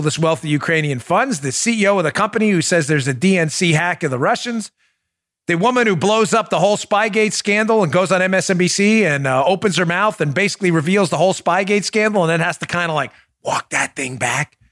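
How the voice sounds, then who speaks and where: Animated, sarcastic male podcast host. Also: high voice, fast. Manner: sarcastic, incredulous; talks to his producer on air. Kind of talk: political commentary.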